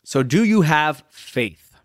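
A young adult man hosting a motivational podcast, telling a story and preaching with emphatic, drawn-out words. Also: fairly high pitch, very animated, no room sound, studio quality. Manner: preachy, emphatic, stretching key words slowly.

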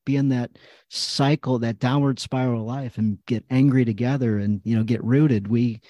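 A man's voice: medium pitch, steady tone, moderate pace, warm tone, no echo, dull audio. A man in casual podcast conversation, telling stories and acting out his own prayers and dialogue.

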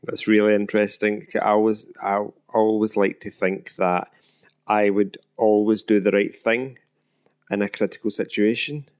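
A man's voice: lowish voice, little pitch movement, moderate pace, clear, resonant tone. A man co-hosting a podcast, chatting casually and telling a story in a reflective, supportive way. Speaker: podcast co-host. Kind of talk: casual chat.

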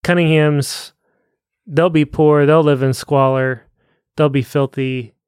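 A man co-hosting a podcast, chatting about a book in a relaxed, agreeable way. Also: a little high, slow, clean tone, no echo, studio quality. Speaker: podcast co-host. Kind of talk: casual book discussion.

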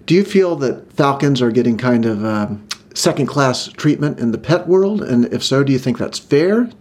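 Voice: mid-range voice, animated, moderate pace, a little mellow. A speaker improvising a mock-serious interviewer asking probing questions in a comedy interview.

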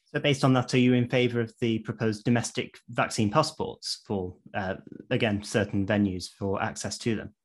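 A man interviewing a politician, asking formal, measured questions. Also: on the low side, steady tone.

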